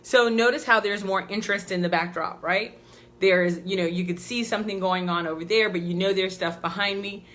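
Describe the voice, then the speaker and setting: A woman coaching viewers on camera in a live video tutorial. Her voice is bright and forward, her delivery upbeat and animated. She moves around her indoor office while she talks, so she sometimes drifts a little off the mic. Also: mid-range voice, brisk.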